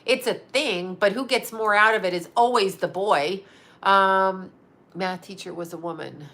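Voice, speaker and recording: Frank, bawdy woman chatting with a bright voice. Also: mid-range voice, unhurried. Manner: frank and bawdy, laughs often while telling stories. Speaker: psychic medium and channel host. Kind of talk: candid casual chat.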